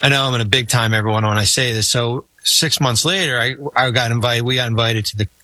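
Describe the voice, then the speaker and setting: A man spins a long anecdote in casual podcast chat, circling back and restarting his sentences as he goes. His voice is bright and forward, with a close, dry sound and no room around it. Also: medium pitch, quick pace, no echo. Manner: rambling, animated, many fillers and restarts. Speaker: former team executive telling stories.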